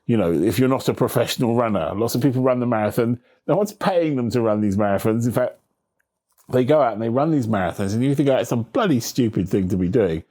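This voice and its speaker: A man talking in a relaxed interview, telling stories with lively swings in his voice and slipping into little voices for the people he quotes. His voice sits at an ordinary middle pitch, and his chatty delivery has the odd casual swear. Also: fast talker. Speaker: author being interviewed.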